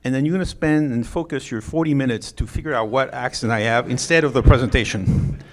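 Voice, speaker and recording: A man's voice: medium pitch, a little fast. A middle-aged man from France with a French accent, giving a joking, chatty conference talk with many fillers and restarts. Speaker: conference speaker. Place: conference hall.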